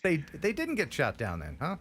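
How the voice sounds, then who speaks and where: A man's voice: a little high, huge pitch swings, moderate pace, fairly bright tone. A man hosting a casual livestream, making sarcastic, joking asides about the news. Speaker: host.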